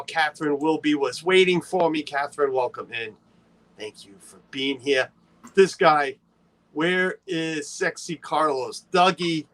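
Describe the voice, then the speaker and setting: A man's voice: medium pitch, fairly bright tone. A man hosting a casual livestream, chatty and playful, greeting viewers by name and teasing his co-host.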